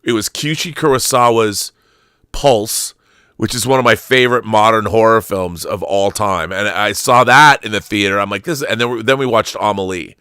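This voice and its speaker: A man's voice: fairly low pitch, moderate pace, pushed and bright, clean tone, no room sound, studio quality. A middle-aged man hosting a casual chat, rambling through heartfelt stories with many restarts. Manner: rambling, restarts, emotional storytelling. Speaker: channel host.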